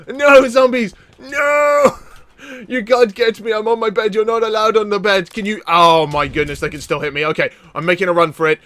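A man giving excitable let's play commentary, often laughing and shouting at enemies. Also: sits high, dry recording. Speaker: gaming YouTuber.

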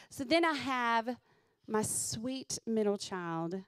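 A middle-aged woman comedian, telling family stories with laughter and quick asides. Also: fairly high pitch, clear, resonant tone, no room sound, studio quality. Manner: animated, laughing, self-deprecating. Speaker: comedian host. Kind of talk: stand-up storytelling.

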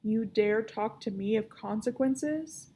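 A woman reading aloud and voicing a cold, greedy old witch who counts her gold, speaking slowly and curtly. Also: on the high side, dark tone, slight background noise, poor audio. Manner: slow, cold, clipped.

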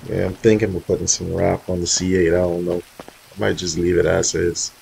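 Low-voiced man, laid-back gaming vlogger, speaks to his viewers over faint background noise. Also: level tone, fairly quick, creaky, a little mellow, low-quality recording. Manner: laid-back, slangy, talks straight to viewers. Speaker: roleplay gamer showing off his cars. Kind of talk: casual gaming vlog commentary.

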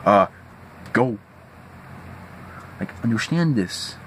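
A man's voice: lowish voice, slow, slight background noise, poor audio. A young man venting angrily in a profane vlog rant, recorded at home. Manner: angry, profane, animated. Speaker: vlogger. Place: at home indoors.

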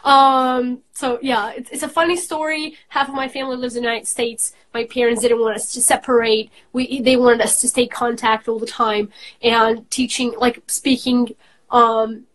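A woman's voice: a little high, flat delivery, normal speed, a bit bright. A young woman from Bosnia, a native English speaker, chatting as a guest on a video call with many fillers. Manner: chatty, with frequent fillers and laughs. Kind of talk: casual video-call interview.

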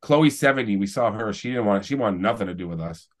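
Casual podcast guest, man in his forties, low voice, loose rambling storyteller. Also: expressive, fast. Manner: rambling storyteller, restarts, chuckling asides. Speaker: podcast guest, celebrity YouTuber.

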